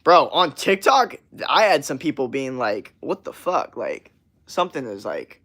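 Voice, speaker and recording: A man's voice: mid-range voice, sing-song, a little slow, fairly bright tone. A young man streaming live, chatting casually with his viewers and ranting, with a lot of swearing. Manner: profane, ranting, talks straight to viewers. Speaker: livestreamer. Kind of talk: casual livestream chat.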